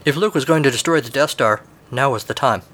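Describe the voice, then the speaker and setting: A man's voice: mid-range voice, a little fast, fairly bright tone. A male podcast host reads a comic story with dry, offhand humor. His delivery is casual and wry.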